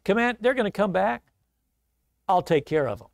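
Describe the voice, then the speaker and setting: A calm prophet brushes off the threat with an easy scoff, as a preacher acts him out. His voice drops lower and carries a gravelly edge. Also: normal speed, no room sound, clean studio sound. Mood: dismissive. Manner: scoffing, nonchalant. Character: unbothered dismissive male old prophet.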